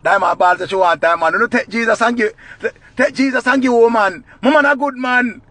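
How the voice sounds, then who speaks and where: A man with a Jamaican accent, telling a comic story in patois with lively swings between loud and quiet. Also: very high voice, brisk, dry recording. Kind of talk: animated comic retelling.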